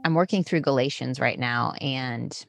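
A woman podcast host speaking in a thoughtful, measured conversational way. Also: extremely low pitch, vocal fry, dry recording, soft background music.

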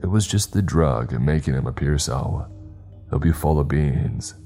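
Guy doing a gravelly crook on the phone, super low voice, cold and slow. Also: animated, warm tone, faint music behind. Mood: menacing. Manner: cold, menacing, unhurried.

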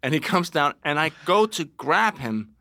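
A Danish-accented man tells animated stories as an interview guest, often restarting his sentences. His voice is bright and forceful, and the studio sound is dry and close. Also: on the high side, normal speed, no echo. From Denmark. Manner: animated anecdotes with many restarts and laughs. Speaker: actor guest. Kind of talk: casual interview storytelling.

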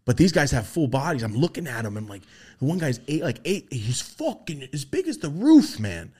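A man's voice: normal speed, husky. A young man on a podcast telling a story in casual chat, swearing freely and acting out the voices he quotes. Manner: animated, swearing, acts out quoted voices in a high pitch. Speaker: podcast host.

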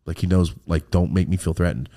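A young man chatting casually and swearing freely, telling a funny story with laughs and quick put-on voices for the people in it. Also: sits low, warm tone. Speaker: guest storyteller. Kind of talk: casual podcast chat.

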